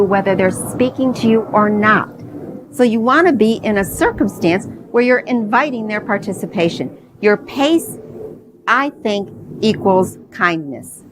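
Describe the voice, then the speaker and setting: A woman's voice: medium pitch, no echo. A middle-aged woman gives a live workshop on presenting, talking to a room of attendees. She explains her points conversationally and often turns them into rhetorical questions for the audience. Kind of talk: live workshop talk on public speaking.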